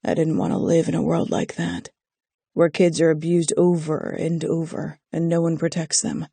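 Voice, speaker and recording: Narrator doing a haunted young guy, low and clipped, gravelly, dark, dry booth sound. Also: level tone, moderate pace, dry recording. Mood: bitter. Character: young man, protective and haunted. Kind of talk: audiobook character voice.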